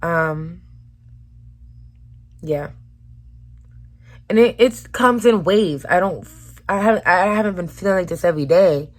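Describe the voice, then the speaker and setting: A woman's voice: on the low side, a little slow, long pauses. A woman vlogger talking frankly and emotionally into the camera, with casual slang and swearing. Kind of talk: candid personal vlog talk.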